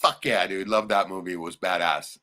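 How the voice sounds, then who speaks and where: A man hosting a casual livestream, rambling and swearing often, suddenly turning loud and excited. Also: low-pitched, fairly quick. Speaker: livestream host.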